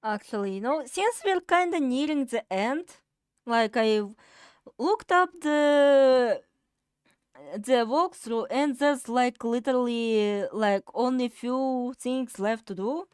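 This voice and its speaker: Casual game streamer, woman, rambling and foul-mouthed, unhurried, dry close sound. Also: a little high, a little mellow, clear, resonant tone, no echo. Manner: rambling, swears freely, many fillers.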